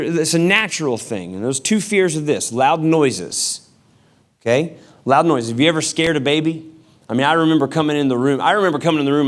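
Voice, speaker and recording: A male pastor giving a sermon in a casual, joking storytelling manner. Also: medium pitch. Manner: casual, humorous storytelling with acted-out quotes.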